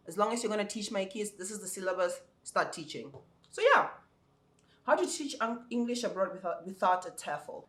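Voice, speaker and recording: High-voiced man with an African accent. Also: fairly bright tone. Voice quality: high, soprano-like voice. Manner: chatty, repeats words, speaks straight to viewers. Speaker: ESL teacher vlogger. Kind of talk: casual advice vlog. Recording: echoey room.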